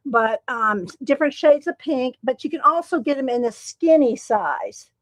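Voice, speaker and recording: A woman hosts a casual livestream from home on a desktop USB microphone, laughing often and greeting viewers by name. Her voice sits high and she speaks at a moderate pace, with no room sound but poor audio.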